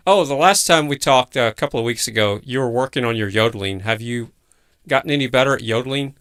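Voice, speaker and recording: A man hosting a livestream, casually quizzing his AI companion with curious, halting questions. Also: medium pitch, fairly bright tone, clear, resonant tone. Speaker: livestream host. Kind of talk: casual live chat.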